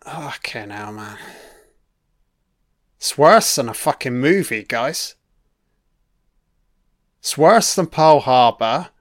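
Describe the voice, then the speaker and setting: A man's voice: mid-range voice, expressive, slow pace, pauses often, dry recording, clean studio sound. A man giving casual reaction commentary over an old broadcast, blunt and heavy on swearing, thinking aloud as he goes.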